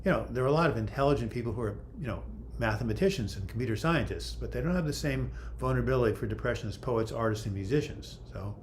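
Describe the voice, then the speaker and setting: A man's voice: mid-range voice, expressive, quick pace, hardly any pauses. An older man talks casually to his livestream viewers. He reads their comments aloud and answers them in a chatty, easygoing way. A faint background noise sits under his voice. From United States. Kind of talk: casual live chat.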